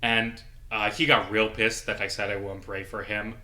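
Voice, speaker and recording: A man's voice: lowish voice, level tone, moderate pace, pushed and bright. A man in his mid-twenties, a local journalist, angrily and profanely ranting in a casual vlog.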